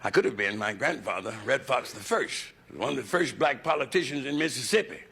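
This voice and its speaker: Brief: male comic with a gravelly, lively voice, live club recording with hiss. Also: mid-range voice, fairly quick. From United States. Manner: crude, gravelly, conversational. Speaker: stand-up comedian. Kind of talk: raunchy stand-up routine. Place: nightclub stage before a live audience.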